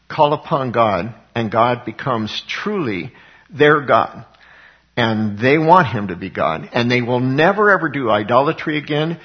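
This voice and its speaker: A man's voice: medium pitch, husky, highs cut off. A man preaching a sermon as pastor, reading scripture aloud and building up emphasis on key words.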